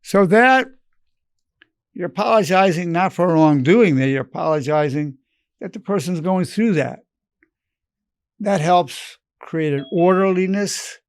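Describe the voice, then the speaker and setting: A man in his eighties, a psychologist, giving an earnest, measured lesson and softly acting out loving phrases. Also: high voice, lively intonation, no echo, studio quality. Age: 80s. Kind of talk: unscripted advice talk.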